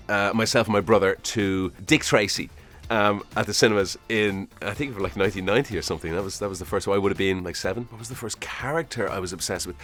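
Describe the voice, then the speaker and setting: A man in his forties with a slightly low voice tells stories from his career in a loose, chatty manner. He pokes fun at himself and laughs easily. Faint music plays underneath. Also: a bit bright. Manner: chatty, self-deprecating, laughing storyteller. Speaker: actor interviewee. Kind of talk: casual interview answers.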